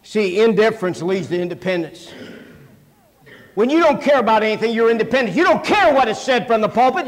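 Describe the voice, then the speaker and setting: A middle-aged male pastor preaching a sermon, telling folksy stories and acting out quotes in sudden loud shouts. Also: extremely high pitch. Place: church sanctuary. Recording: long hall reverb.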